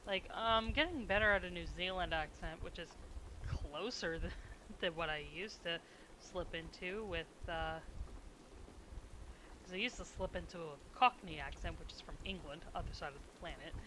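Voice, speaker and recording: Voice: medium pitch, moderate pace, noisy background. A streamer chatting casually with their audience while drawing emotes, rambling and chuckling often.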